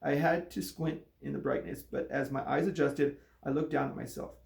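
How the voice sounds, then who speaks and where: A man's voice: medium pitch, normal speed, vocal fry, roomy sound. A man, a coach, reading a children's novel aloud with voiced dialogue. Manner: steady storytelling with voiced dialogue.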